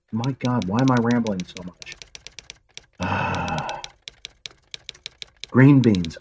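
This is a woman with an unusually deep, low voice hosting a channel in a loose, rambling monologue. She drifts from one aside to the next, pokes fun at herself and is blunt enough to swear now and then. Her tone stays casual and unpolished throughout. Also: darkish tone, a little hiss or hum, low-quality recording. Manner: self-deprecating, wandering, frequent asides. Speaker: channel host.

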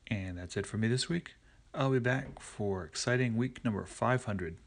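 Male regular reader, gravel in the voice, deadpan first-person fiction. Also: lowish voice, moderate pace. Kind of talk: first-person story reading.

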